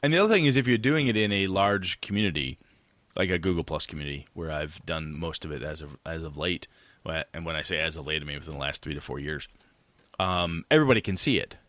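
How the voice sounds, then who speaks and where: A man's voice: low voice, fast, a bit bright, dry recording. A man co-hosting a casual gaming podcast, talking frankly and swearing now and then. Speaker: podcast co-host.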